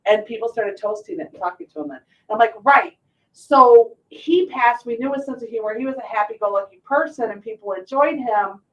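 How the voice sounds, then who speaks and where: A middle-aged woman hosting a casual talk show, telling stories with lively acted-out quotes. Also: on the high side, fairly quick, few pauses. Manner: animated storyteller, acts out quotes. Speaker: host. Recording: distant muffled mic.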